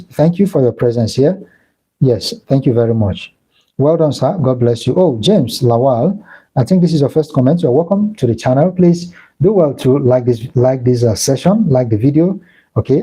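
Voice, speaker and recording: A man's voice: medium pitch, dark tone, slightly rough, rough recording. A man with a Nigerian Igbo accent hosting a casual live stream, repeating himself and thanking and blessing viewers as he reads their comments. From southeastern Nigeria. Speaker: crypto live-stream host.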